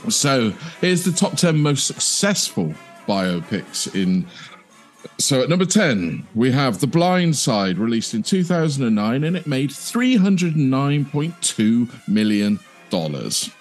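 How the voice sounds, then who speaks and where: A man co-hosting a podcast, reading out a ranked list and chatting with a quick laugh. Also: mid-range voice, sing-song, faint music behind. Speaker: podcast co-host. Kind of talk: reading out a chart list, casual chat.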